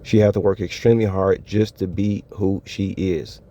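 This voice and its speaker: This vlogger's voice sits low, steady and warm, moving at a moderate pace. In a laid-back, slangy solo monologue he addresses his viewers and often laughs, recorded on dull lo-fi audio.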